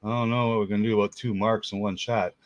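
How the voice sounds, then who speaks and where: A man's voice: fairly low pitch, flat delivery, fast talker, no room sound. A man from Canada hosting a casual livestream chat, upbeat, greeting viewers from the chat. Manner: upbeat, reads out chat names. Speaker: host.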